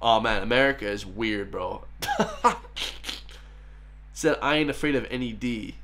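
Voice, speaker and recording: A man's voice: on the low side, brisk, fairly bright tone. A man with an Irish accent hosting a reaction video in a casual, chatty way, often laughing and calling his viewers guys and bro. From Ireland.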